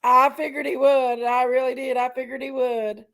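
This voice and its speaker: A woman hosting a casual livestream chat, rambling and greeting each viewer by name with drawn-out, effusive exclamations. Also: high voice, little pitch movement, fairly bright tone. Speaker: livestream host.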